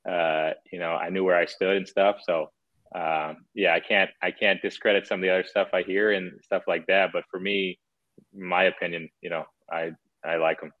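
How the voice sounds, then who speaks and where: A man's voice: low voice, level tone, moderate pace, narrow, tinny audio. A man in his thirties, a former hockey player, telling stories as a guest on a casual podcast in a rambling way full of restarts. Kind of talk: casual storytelling chat.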